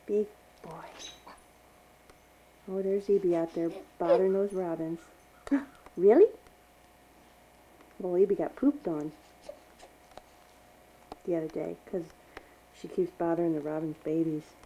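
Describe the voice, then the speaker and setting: A woman's voice: on the low side, fairly even intonation, measured pace, long pauses, lo-fi sound, a little hiss or hum. A mother filming her baby at home, talking to him in a cooing, teasing, sing-song baby voice. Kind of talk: baby talk to an infant. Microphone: handheld home video camera.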